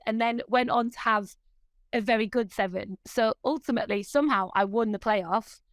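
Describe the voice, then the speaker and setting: A woman guest on a podcast, telling stories in a lively, animated way and laughing often. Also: a little high, normal speed, dry recording. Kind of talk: casual chat.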